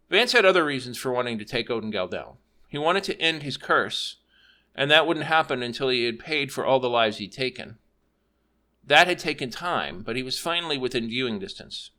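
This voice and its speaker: Male narrator for a fantasy read-aloud, bright tone, casual unpolished delivery with restarts. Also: mid-range voice. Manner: unpolished reading with slips and self-corrections. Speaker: audiobook narrator. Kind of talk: reading fantasy fiction aloud.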